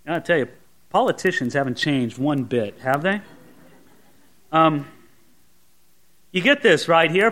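A male pastor delivers an expository sermon in a high, bright voice. His pitch rises and falls with lively swings as he keeps asking his listeners rhetorical questions. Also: measured pace, long pauses.

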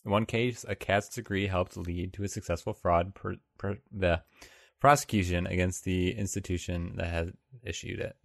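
A man co-hosting a casual podcast, reading a list aloud with small stumbles and quick reactions. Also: low voice, steady tone, gravelly, no echo, studio quality. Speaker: podcast co-host, quiz contestant. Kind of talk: casual comedic chat.

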